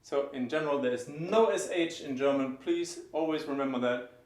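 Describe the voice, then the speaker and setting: A man teaching German pronunciation, explaining each sound and slowly repeating example words. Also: a little high, darkish tone, reverberant. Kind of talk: pronunciation lesson.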